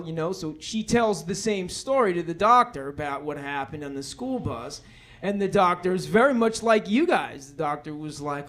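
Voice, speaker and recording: A man's voice: on the high side, lively intonation, moderate pace, fairly bright tone. A man doing laid-back stand-up storytelling, rambling along and acting out the people in his stories. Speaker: stand-up comedian. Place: comedy club stage.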